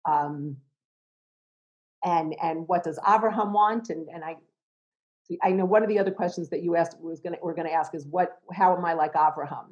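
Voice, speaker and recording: Low-voiced reflective woman speaking. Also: moderate pace, dull audio. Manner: thoughtful, with many restarts and soft laughs. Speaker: interviewee, educator and chaplain. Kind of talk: reflective conversational interview.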